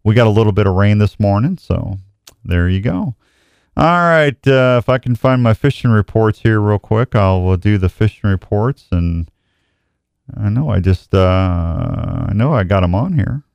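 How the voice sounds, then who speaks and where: Casting: low-voiced male radio host, smooth and dry studio sound, laid-back rambling delivery. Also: lively intonation, moderate pace, darkish tone, dry recording, lo-fi sound. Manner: rambling, self-deprecating, reads reports aloud. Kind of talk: casual outdoors radio talk. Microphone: studio microphone.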